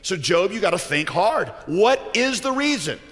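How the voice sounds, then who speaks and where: The smug friends of Job press their point with rising insistence, as a preacher puts them on. The voice sits a little high and bright. It rings with long reverb in a large hall. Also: male voice, very animated, moderate pace. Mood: insistent. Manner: insistent, explaining. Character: Job's smug adult male friends lecturing him.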